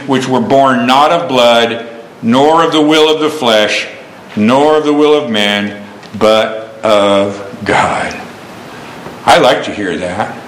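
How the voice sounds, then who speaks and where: Folksy preacher with an echoey bright voice. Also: male voice, medium pitch. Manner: folksy preaching with Bible quotations and stories. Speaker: pastor. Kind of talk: sermon.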